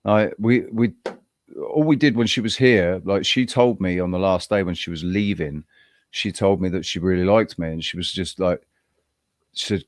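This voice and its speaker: A man co-hosting a podcast, telling a personal story in a rambling, halting way with frequent restarts. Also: deep voice, no echo, studio quality. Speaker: podcast co-host. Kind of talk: casual chat.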